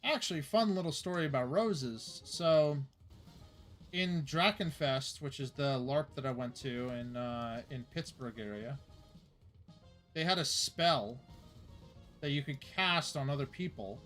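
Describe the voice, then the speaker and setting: A man's voice: mid-range voice, measured pace, a bit bright, faint music behind. Rambling man telling a story casually. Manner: rambling, with many fillers and laughs. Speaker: streamer.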